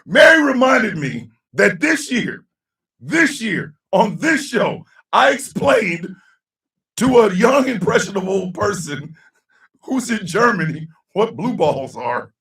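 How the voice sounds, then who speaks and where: A man hosting a casual live-stream show, loud and laughing, heavy on slang. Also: high voice, very animated, takes it slowly, distant mic. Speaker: host. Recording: echoey room, a bit off-mic.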